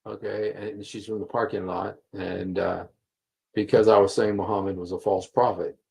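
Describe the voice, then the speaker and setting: A man's voice: on the low side, little pitch movement, normal speed, vocal fry, a little mellow, breathy edge, low-quality recording. A man hosting a livestream, reading passages aloud and commenting with emphatic repetition and frequent fillers. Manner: emphatic, repeats key phrases, many fillers. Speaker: livestream host. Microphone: computer mic while streaming.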